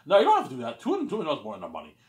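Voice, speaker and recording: A male vlogger rambles through a solo monologue, listing things, playing both sides of a conversation, and repeatedly saying "obviously." He talks rapid-fire in a medium-pitched, slightly mellow voice whose pitch swoops wildly. The room is echoey.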